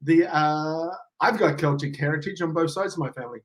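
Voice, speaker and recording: A man co-hosting a casual livestream, cracking jokes and teasing his co-host. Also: brisk. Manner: joking, playful, with lively pitch jumps.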